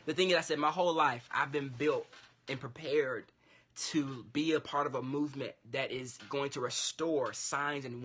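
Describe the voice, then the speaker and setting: A man's voice: mid-range voice, husky. A man casually telling a long story to a co-host, acting out the voices of the people in it. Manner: animated, acts out quoted dialogue.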